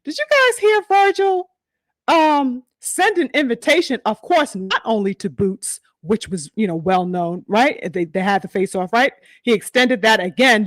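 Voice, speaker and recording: A woman hosting a casual boxing chat, slangy and animated, acting out what fighters said and laughing often. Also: fairly high pitch, unhurried, no room sound. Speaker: boxing commentator host.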